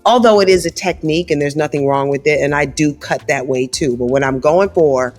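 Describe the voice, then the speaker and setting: A woman's voice: low-pitched, a little fast, faint music behind. A woman with a big, scratchy voice, talking animatedly as a guest in a casual interview. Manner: animated, conversational, frequent "right?" asides. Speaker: guest singer. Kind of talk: casual storytelling chat.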